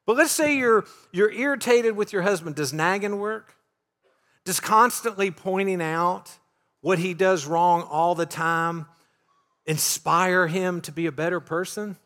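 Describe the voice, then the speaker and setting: A man's voice: sits high, fairly bright tone. A man preaching a sermon as pastor, in a conversational tone full of rhetorical questions to his listeners. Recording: long hall reverb.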